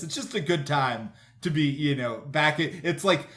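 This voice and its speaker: Relaxed man, somewhat high voice. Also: moderate pace, hardly any pauses. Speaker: podcast co-host. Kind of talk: casual chat.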